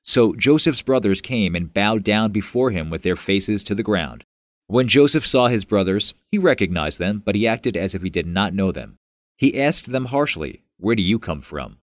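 A man narrating a Bible story in a measured, plain reading. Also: on the low side, lively intonation, no echo.

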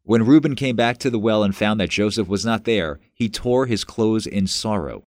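A man narrating a Bible story in a measured, plain reading. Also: fairly low pitch, dry recording, clean studio sound.

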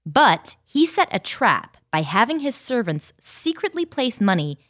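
A woman narrating a clear, explanatory summary between Bible story readings. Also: on the high side, big pitch swings, measured pace, a bit bright.

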